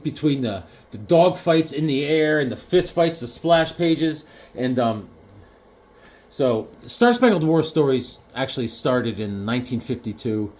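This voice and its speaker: A man chatting casually about comic books, jokey and animated, now and then acting out the characters. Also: medium pitch. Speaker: comic collector vlogger. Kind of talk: casual chat.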